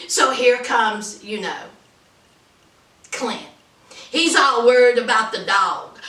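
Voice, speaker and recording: A woman's voice: fairly high pitch, expressive, slow, long pauses, fairly bright tone. A woman reviewing a reality show in a sassy, teasing way, full of playful slang. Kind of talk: casual commentary vlog. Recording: roomy, from a distance.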